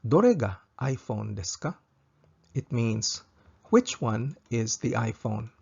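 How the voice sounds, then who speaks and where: Gravelly, husky man teaching language slowly. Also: mid-range voice, very animated, darkish tone, lo-fi sound. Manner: slow, careful, repeats each example twice for practice. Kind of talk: recorded language lesson.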